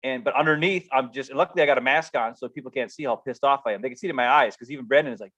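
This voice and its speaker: A middle-aged man telling a casual, animated story as a podcast co-host, acting out coworkers as he goes. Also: mid-range voice, rapid-fire, few pauses. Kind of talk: casual rant. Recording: dull lo-fi stream audio.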